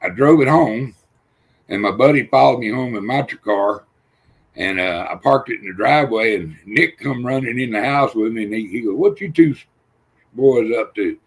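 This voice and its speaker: Rough-talking older man telling stories. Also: medium pitch, normal speed. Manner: rough-spoken, swears freely, acts out quotes. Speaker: panel guest. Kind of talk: casual storytelling on a livestream panel.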